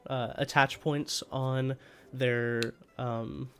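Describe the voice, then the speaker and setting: A man's voice: mid-range voice, flat delivery, extremely slow, clear, resonant tone, faint music behind. A man with a stuffy voice from a cold, hosting as game master and rambling through announcements with many fillers. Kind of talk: casual tabletop game chat.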